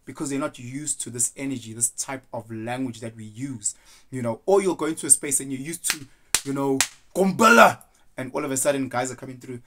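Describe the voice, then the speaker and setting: A young man speaks in an unscripted, reflective way. He is earnest and loose, circling back on his points. His pitch sits in an ordinary middle range. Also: brisk, sharp tone. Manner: earnest, loose and rambling, acts out quoted voices. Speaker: vlogger. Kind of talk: casual reflective monologue.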